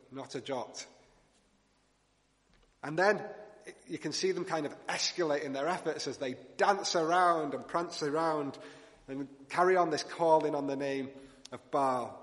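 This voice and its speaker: A man preaching a sermon in a conversational, animated way, making asides to the congregation and acting out the lines he quotes. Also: fairly high pitch. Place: church hall with congregation. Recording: long hall reverb.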